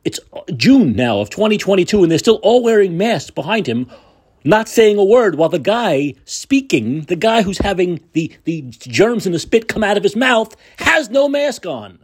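A man's voice: sits high, sing-song, normal speed, husky. A man hosting a political talk show, delivering a combative, sarcastic monologue with profanity. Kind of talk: opinionated monologue.

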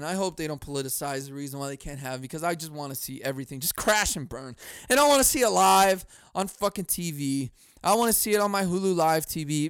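Sarcastic, foul-mouthed male podcast host, high voice, smooth and dry. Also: dry recording. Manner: profane, sarcastic, animated, laughs at own jokes. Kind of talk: comedic rant.

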